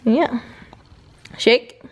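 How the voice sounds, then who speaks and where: A woman vlogging at home and talking to her dog in a giggly, cooing voice, with a dog heard in the background. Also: drawn-out words. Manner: cooing baby talk to a pet, giggly. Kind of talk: casual vlog chat with her dog.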